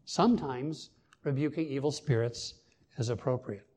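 A man's voice: medium pitch, moderate pace, a little mellow. A male pastor giving a sermon in an earnest, emphatic way, lifting his voice on key points. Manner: earnest, emphatic preaching with rising stresses.

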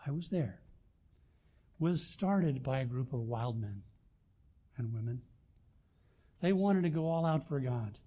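An older man preaching a sermon, swinging between loud emphasis and quiet asides. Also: medium pitch. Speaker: pastor.

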